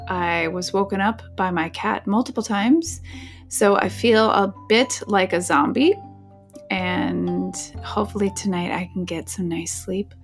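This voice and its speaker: A woman's voice: medium pitch, fairly even intonation, unhurried, soft background music. A tired woman narrator chatting casually after finishing an audiobook reading, upbeat in a chatty way.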